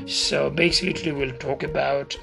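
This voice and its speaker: A man's voice: medium pitch, steady tone, brisk, vocal fry. A man from Asia giving a casual, informal lecture as a video host, chatty and hesitant with many fillers and asides. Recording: music playing behind.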